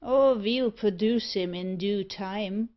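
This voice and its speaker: A woman's voice: mid-range voice, steady tone, measured pace, muffled recording, close to an everyday voice. A woman reading the part of a cunning male tinker who extorts money, talking slyly and coarsely and dropping his h's.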